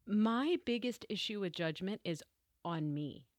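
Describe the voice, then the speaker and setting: A woman co-hosting a podcast, speaking candidly and laughing easily in casual reflective conversation, with slow, deliberate phrasing. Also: mid-range voice, animated, no echo, studio quality. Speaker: podcast co-host.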